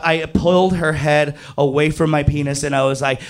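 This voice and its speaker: A man doing stand-up storytelling, animated, jumping to high panicked yelps when he quotes himself. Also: fairly quick, hardly any pauses. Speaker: stand-up comedian.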